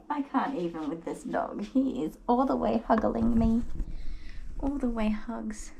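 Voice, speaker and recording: A woman's voice: on the high side, a little slow, vocal fry, a little mellow. An Australian woman, a dog groomer, chatting on a live stream and gushing over dogs in baby talk. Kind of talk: casual live-stream chat. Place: small grooming shed with dogs. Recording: noisy room with clippers and dogs.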